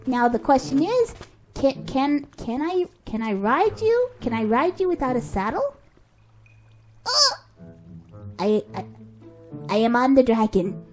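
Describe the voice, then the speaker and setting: A woman giving excitable let's-play commentary, gasping and cooing at her pet as she narrates her play. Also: high voice, a little slow, long pauses, faint music behind. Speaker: game video creator.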